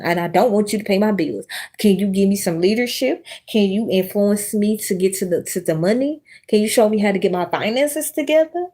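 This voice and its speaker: A woman's voice: medium pitch, brisk, dark tone. A woman in her thirties ranting bluntly on a livestream, profane and preachy, talking straight to her viewers. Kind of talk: casual livestream rant.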